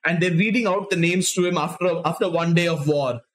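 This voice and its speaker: A man co-hosting a podcast, retelling a story in a casual, excited, swearing chat. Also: on the high side, fairly quick. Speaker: podcast co-host.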